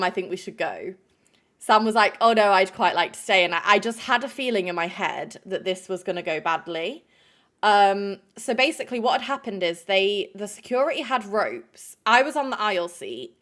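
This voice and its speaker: A woman's voice: mid-range voice, fairly bright tone. A woman streamer telling chat a stressful story in a rambling, emotional way, full of fillers.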